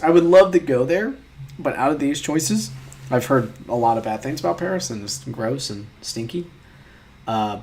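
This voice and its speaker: A man's voice: medium pitch, vocal fry. Young man musing over quiz answers. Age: 20s. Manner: talks through quiz answers aloud, musing and joking; mock-exasperated, with casual swearing. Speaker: vlogger taking online quizzes. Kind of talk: casual commentary.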